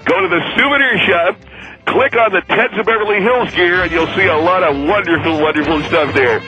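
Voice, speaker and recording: A man voicing an upbeat restaurant owner giving a salesy pitch in a comic radio bit. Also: a little fast, sharp tone, low-quality recording.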